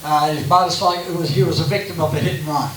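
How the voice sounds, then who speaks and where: A man's voice: fairly high pitch, fairly even intonation, fast, a crowd in the background. An Australian man giving a chatty, joking personal talk as guest speaker at a church gathering. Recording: echoey room from a distance, faint hiss.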